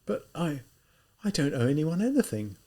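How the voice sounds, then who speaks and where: A man's voice: fairly high pitch, sing-song, normal speed, warm tone, voice pushed up. A man doing a feverish, defiant young student. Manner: indignant, answering back.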